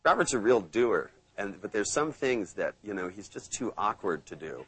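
A man leads a live seminar in a low, slightly husky voice. He mixes playful anecdotes with instruction. When demonstrating suggestions he drops into a slow, hypnotic delivery. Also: very animated, no echo, low-quality recording. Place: seminar room with live audience.

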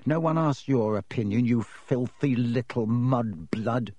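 A man voicing a smug, spiteful rich teenage boy who talks smoothly and sneeringly. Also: fairly high pitch, measured pace, a little mellow, dry recording, close to an everyday voice.

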